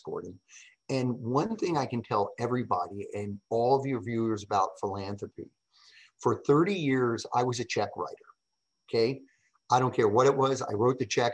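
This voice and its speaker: A middle-aged man, a public speaker appearing as a podcast guest, tells stories in a casual interview. He's animated and emphatic, often asking "right?", his voice medium-pitched on a rough recording.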